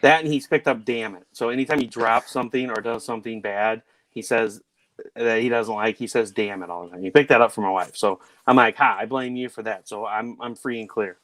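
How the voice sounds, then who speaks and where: Man, chat show host, animated storyteller, acts out quotes, casual. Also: medium pitch, brisk.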